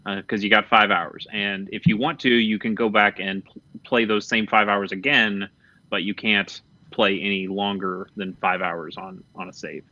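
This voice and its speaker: On a casual gaming podcast, a male host talks candidly about video games, swearing freely and trailing off mid-thought. His voice is fairly low and flat, at a normal speed, with a sharp tone. The podcast audio sounds dull and slightly lo-fi.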